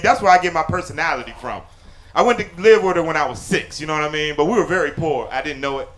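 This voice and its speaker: A man doing live stand-up comedy on a theater stage, punchy and loud, then dropping low for asides. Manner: loud, punchy delivery with sudden drops to low confiding asides. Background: audience laughter.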